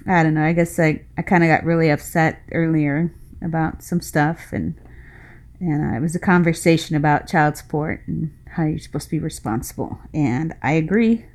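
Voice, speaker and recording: A middle-aged woman hosts her own podcast, delivering a loose, rambling, folksy monologue with passion and occasional laughter. Her deep, slightly mellow voice moves at a moderate pace with fairly even intonation, and she sounds a little out of breath.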